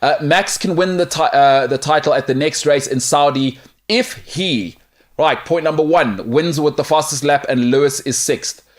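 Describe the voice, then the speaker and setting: A sports talk show host joking around in a put-on Irish accent, rambling and playful. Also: male voice, fairly high pitch, normal speed. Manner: rambling, playful, self-interrupting. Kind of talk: casual sports banter.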